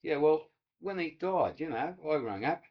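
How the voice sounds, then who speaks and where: The retired waterside worker here has a fairly high, animated voice and a moderate pace. An older Australian, he tells oral history stories with casual swearing and acted-out voices, and the archive tape sounds dull and lo-fi.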